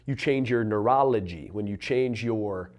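A man's voice: on the low side, darkish tone. Earnest, emphatic male motivational coach. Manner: earnest, emphatic, slows down on key phrases. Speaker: entrepreneurship and mindset coach. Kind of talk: motivational talk to camera.

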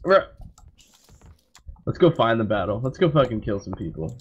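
A young man chatting casually while gaming, relaxed but quick to swear. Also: medium pitch, breathy edge, lo-fi sound. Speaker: gamer.

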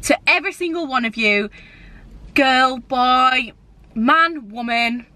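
A woman's voice: sits high, slow. Giddy chatty young woman. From England. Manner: giddy, chatty, loud when excited. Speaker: vlogger. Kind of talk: casual vlog chat to camera. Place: in a car and out and about at a shopping centre. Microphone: handheld camera. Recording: noisy background with traffic.

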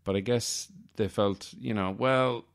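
Guy doing a comedy podcast solo, really deep voice, wry and rambly. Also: fairly even intonation, measured pace. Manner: wry, self-deprecating, digressive. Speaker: podcast host.

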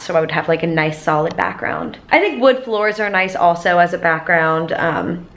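A woman in her twenties talking casually to a handheld camera, chatty and expressive, with lots of "like" in her speech. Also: fairly low pitch. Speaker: vlogger. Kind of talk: casual vlog chat to camera.

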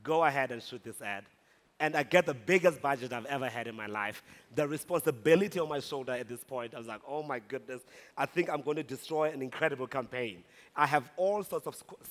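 A man from South Africa giving a humorous, animated conference talk. He tells a story and rises into shouts at the punch lines. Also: medium pitch. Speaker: speaker at a conference. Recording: long hall reverb.

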